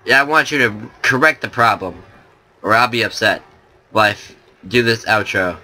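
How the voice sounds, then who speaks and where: A young man hosting a gaming channel, rambling and joking excitably in casual gameplay commentary. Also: on the low side, moderate pace.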